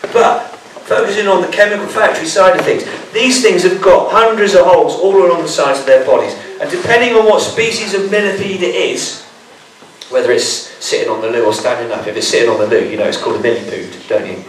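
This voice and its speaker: Playing the jokey showman, a man hosts a live bug show for an audience in a school hall. His voice is high and fast, and the far-off mic catches the hall's echo plus a little background noise.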